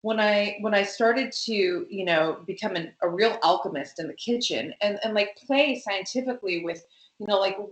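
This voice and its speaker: A woman guest talking about food boundaries in a casual interview, emphatic and animated, with lots of fillers. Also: mid-range voice, normal speed, roomy sound, rough recording. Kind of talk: casual conversation.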